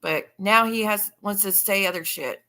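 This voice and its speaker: A woman chatting on a casual live stream with a bright, forceful voice. She talks bluntly and swears freely, reacting to messages and greeting her viewers. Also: medium pitch, moderate pace. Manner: blunt and profane, chatting with viewers while scrolling. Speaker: livestreamer.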